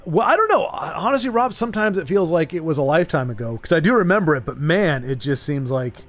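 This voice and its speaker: A man streaming a card game and chatting over a call. His voice sits a bit high. He rambles, restarts often and makes self-deprecating jokes, with quiet game music playing under him. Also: animated, fast talker. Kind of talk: casual chat while gaming.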